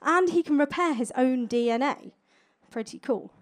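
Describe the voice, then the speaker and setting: A woman's voice: high voice, expressive. A young woman doing a playful, cheeky stand-up comedy set on stage before a live audience. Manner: playful, cheeky, quick with jokes.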